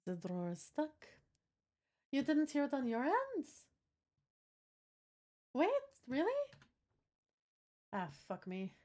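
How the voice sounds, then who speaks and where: A woman's voice: sits high, sing-song, takes it slowly, long pauses, darkish tone. A woman streamer chatting casually with her viewers, swearing now and then as she fixes her audio setup. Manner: chatty, swears, talks to chat while troubleshooting. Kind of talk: casual live-stream chat.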